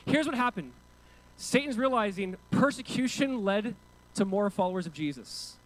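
High-voiced, fast-talking male pastor preaching. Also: poor audio. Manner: animated storytelling with voiced quotes; emphatic preaching with call-and-response. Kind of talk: sermon.

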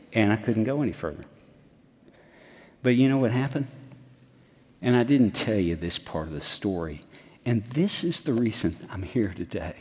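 A man in his sixties, a pastor preaching a sermon, telling a story in a folksy, animated way with frequent restarts. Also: medium pitch. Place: church sanctuary. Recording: long hall reverb.

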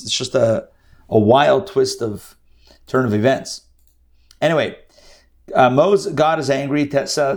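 A man teaching a scripture lesson in an emphatic, conversational storytelling manner. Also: medium pitch. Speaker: Bible teacher.

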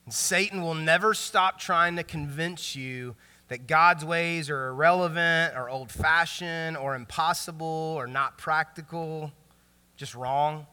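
A man preaching a sermon as pastor, animated and joking, in a casual conversational way with lots of filler words. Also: a little high, smooth. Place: large church hall. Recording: long hall reverb in a church.

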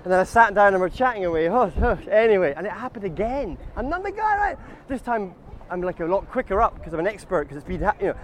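A comic tour guide with a voice that sits high talks fast and is very animated as he leads a walking group outdoors along a city street. He tells chatty, absurd comic stories, calls everyone guys, and there's slight background noise.

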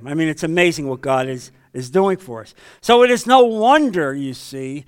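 A man leading a men's Bible study, teaching in a conversational sermon style and telling stories with sudden swings between loud and hushed delivery. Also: fairly high pitch, expressive, normal speed, few pauses, clean tone. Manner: storytelling, acts out quoted voices, swings between loud and hushed.

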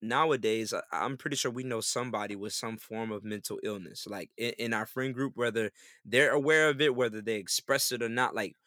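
Bright-voiced man, casual podcast co-host. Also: medium pitch, a little fast, no echo, clean studio sound. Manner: laid-back, joking interjections. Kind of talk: casual chat.

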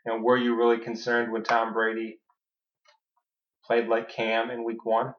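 Podcast guy teasing deadpan, roomy echo, muffled lo-fi audio. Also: medium pitch, normal speed, slight background noise. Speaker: podcast co-host. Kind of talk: casual fantasy football banter. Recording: echoey room, dull lo-fi sound.

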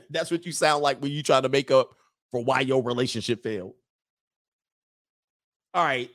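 Male host, comic monologue, sneering and profane, reads viewer comments, average pitch. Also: normal speed, a bit bright. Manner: mocking, profane, laughing. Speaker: live show host. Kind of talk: casual comedic monologue.

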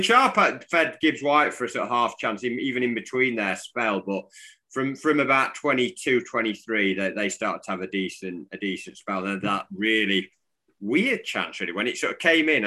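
An English man co-hosts a casual football podcast, rambling, chuckling, and frequently restarting his sentences. His mid-range voice has a sharp tone and a moderate pace.

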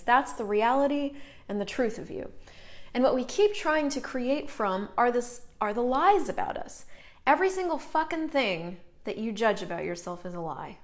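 A woman's voice: a little high, normal speed. Chatty woman hosting a live stream. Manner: chatty and animated, greets viewers mid-sentence; swears casually, emphatic. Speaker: host of a live online show, facilitator. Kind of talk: casual live-stream talk to viewers.

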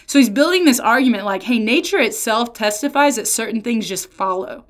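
A woman giving a casual Bible lesson, retelling stories in lively slang with playful voices. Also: fairly high pitch, fairly quick, hardly any pauses. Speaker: Bible teacher.

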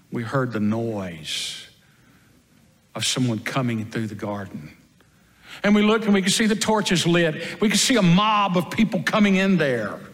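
Voicing the apostle Peter in a dramatic first-person monologue, a man with a fairly high pitch tells the story with earnest drama, rising loud and dropping hushed. A long hall reverb surrounds the recording.

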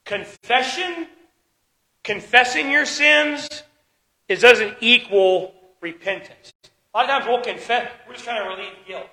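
A man preaching a sermon as pastor, swinging between loud emphatic lines and quiet ones, slowing down to stress key words. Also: very high-pitched, rough recording. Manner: preaching with dramatic shifts in loudness and pace.

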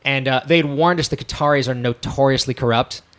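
Fast-talking comedian telling a story. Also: male voice, mid-range voice. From Israel. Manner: animated storyteller who acts out the people in his anecdotes. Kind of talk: casual podcast storytelling.

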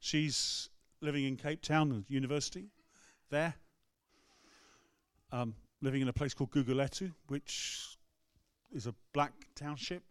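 A man's voice: mid-range voice, measured pace, smooth, no room sound, clean studio sound. A man with an English accent, a rector preaching a sermon in a conversational, storytelling way. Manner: storytelling, conversational, acts out quotes. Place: church.

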